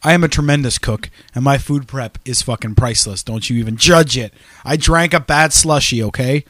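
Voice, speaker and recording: A man's voice: medium pitch, fairly quick, a bit bright, dry recording. A man co-hosting a podcast, trading sarcastic, profane jokes in casual banter. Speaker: podcast co-host.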